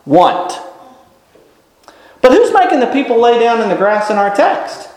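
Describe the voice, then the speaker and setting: Animated preacher, high lively voice. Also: male voice, measured pace, reverberant, low-quality recording. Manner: animated, teacherly, folksy asides. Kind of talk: sermon.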